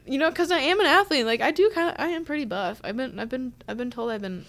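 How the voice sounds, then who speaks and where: A young woman in her twenties with a fairly high voice, co-hosting a casual podcast. She rambles and gets sidetracked, filling her stories with ums, likes and restarts. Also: expressive, fast talker, fairly bright tone. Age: 20s. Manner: rambling, sidetracked storytelling with frequent fillers and laughter. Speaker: podcast co-host. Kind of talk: casual chat.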